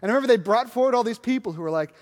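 Forties male pastor, lively self-mocking preacher, long hall reverb. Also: extremely high pitch, racing. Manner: animated, self-deprecating storytelling. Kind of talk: sermon storytelling.

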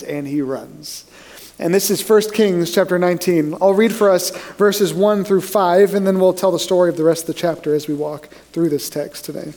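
Male pastor with a high voice, animated storyteller who sinks to near-whispers at key points. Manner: animated storyteller who drops to a hushed voice for emphasis. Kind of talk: sermon.

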